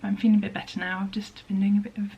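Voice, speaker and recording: A woman chatting casually in a home vlog about her sewing, speaking softly and often half-whispering, with many hesitant ums. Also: mid-range voice, flat delivery, very fast, breathy edge, muffled recording. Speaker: vlogger and maker of teddy bears. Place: home workspace at a sewing desk.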